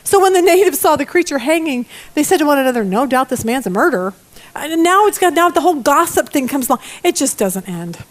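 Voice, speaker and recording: A middle-aged woman teaching a Bible study lesson in a lively, expressive way, with joking asides. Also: sits high, fast talker, hardly any pauses.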